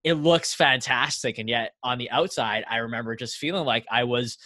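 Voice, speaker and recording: A man's voice: medium pitch, normal speed, sharp tone, dry recording. Man hosting, dry, rambling empathetic questions. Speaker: podcast host. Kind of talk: interview questions.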